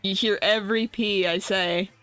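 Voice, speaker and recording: Woman, art streamer, casual chatty talk, laughing, desk mic, soft music underneath. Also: medium pitch, fairly even intonation, normal speed. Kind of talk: casual chat while drawing. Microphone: desk mic without pop filter.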